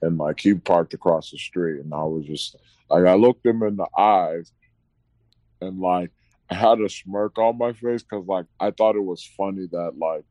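Male co-host, deep dark tone, slangy storyteller. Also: moderate pace, no echo. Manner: loose slangy, keeps saying bro. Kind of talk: casual chat, storytelling.

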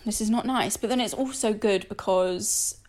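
A woman's voice: mid-range voice, moderate pace, darkish tone. A woman in her twenties co-hosting a podcast, talking candidly and often laughing through confessional chat. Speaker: podcast co-host. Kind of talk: casual chat.

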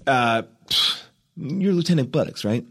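A man voicing an excitable, fast-talking male film director, eager and pushy. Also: mid-range voice, slightly rough, voice pushed up, full character voice.

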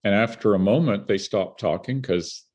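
Older guy spinning long anecdotes, kinda husky, lowish voice, laughs along. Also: moderate pace. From Canada. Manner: animated, vivid storyteller who laughs between anecdotes. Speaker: guest. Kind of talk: storytelling in conversation.

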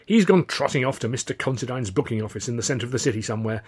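A gossipy, exasperated stage wife with a husky edge, her voice lifted higher and louder, as a male narrator puts her on. She runs on in chatty, put-upon complaints about her stubborn husband. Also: lively intonation, very fast.

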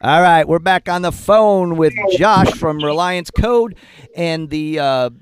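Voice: mid-range voice, takes it slowly, smooth, dry recording, studio quality. A podcast host leading a casual phone interview and trading crude jokes and banter. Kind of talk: casual chat.

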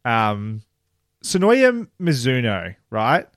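Animated swearing man. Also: medium pitch, drawn-out words, no echo, clean studio sound. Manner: animated, swears, laughs often. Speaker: podcast co-host. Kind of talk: casual chat reviewing a TV show.

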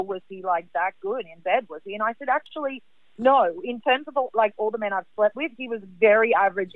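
A woman caller telling a personal story in an animated, chatty way, heavy on fillers. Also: on the high side, no room sound. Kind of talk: casual storytelling. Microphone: phone. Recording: tinny phone line.

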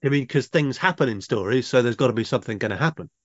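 A man's voice: medium pitch, expressive, quick pace, dull audio. A man hosting a literary podcast, asking inquisitive and lightly teasing questions. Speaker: podcast host and interviewer. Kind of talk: podcast interview.

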